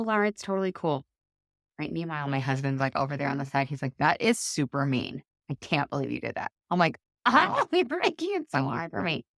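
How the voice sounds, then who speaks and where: A woman in her thirties hosting a solo coaching podcast, chatty and animated, acting out the voices in her stories. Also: sits low, dry recording, clean studio sound. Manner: chatty, animated, acts out quoted dialogue. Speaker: podcast host and life coach.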